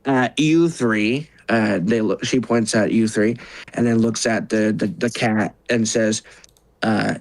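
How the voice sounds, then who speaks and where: A man's voice: fairly low pitch, flat delivery, unhurried, creaky, no room sound, low-quality recording. A man narrating as game master of a tabletop game, rambling with fillers and self-corrections.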